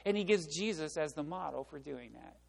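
A man's voice: on the high side, fairly quick, vocal fry. Preaching man in an echoing church hall. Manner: animated preaching with rhetorical questions. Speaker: pastor. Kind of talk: sermon. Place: church sanctuary. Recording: long reverb of a church hall.

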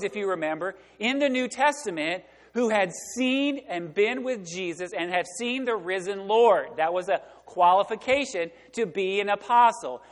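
A man preaching a sermon as pastor, asking the congregation questions and swinging between loud emphasis and hushed asides. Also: high-pitched, long reverb tail. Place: church sanctuary.

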